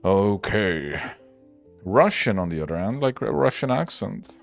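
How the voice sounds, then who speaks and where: A man's voice: on the low side, very animated, measured pace, vocal fry, soft background music. A young man hosting a livestream, chatting casually in a rambling, loose and profane way. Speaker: livestream host. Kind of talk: casual livestream chat while working.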